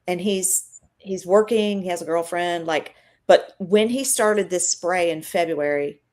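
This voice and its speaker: A middle-aged woman with a slightly low voice talks as a live-stream guest. She tells her story in an earnest, emotional and chatty way. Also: unhurried, darkish tone.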